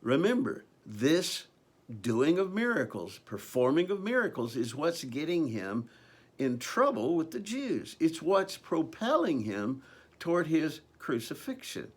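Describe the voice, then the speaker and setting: A man's voice: fairly high pitch, big pitch swings, unhurried, husky. A man preaching a conversational sermon, earnest and unscripted, with frequent ums and restarts. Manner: earnest, conversational, with many ums and repeated phrases.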